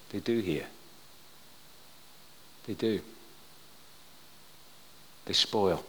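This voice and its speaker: An older man gives a sermon from the pulpit. He tells stories in a chatty way, sinking to near-quiet asides and then rising to firm emphasis. His fairly low voice rings out with the long reverb of a large hall. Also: normal speed, pauses often, a little hiss or hum. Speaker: preacher.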